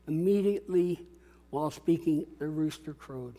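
A man's voice: fairly high pitch, measured pace, mellow. A man preaching a sermon as a pastor, dramatic and calling out to his congregation. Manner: dramatic, call-and-response preaching.

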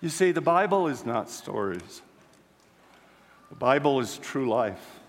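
A male preacher tells stories slowly and deliberately, his voice rising high and loud one moment and dropping to a hush the next. His mid-pitched voice carries a long hall reverb. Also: very animated. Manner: vivid storyteller, swings from loud to hushed. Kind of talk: storytelling sermon.

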